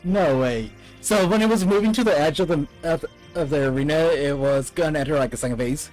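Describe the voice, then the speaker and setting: Male streamer, fairly high voice, chatty explainer, faint game music behind. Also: a little fast, darkish tone. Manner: chatty, explains to chat, reads cutscene lines aloud. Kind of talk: casual game commentary.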